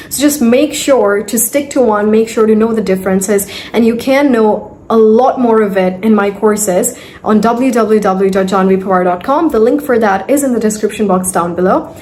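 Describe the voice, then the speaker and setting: A woman's voice: on the high side, darkish tone, a little hiss or hum. A young woman teaching English pronunciation in an online lesson, spelling words out letter by letter and asking the viewer questions.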